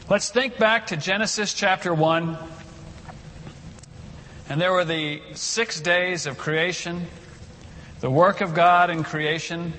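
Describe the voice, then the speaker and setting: A male pastor preaches a sermon in a relaxed, talky way and now and then has the congregation recite a verse with him. His voice sits a little higher than most men's. The sound has a long reverb from a large church room, with a faint hum under it. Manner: conversational, leads the congregation in reciting scripture.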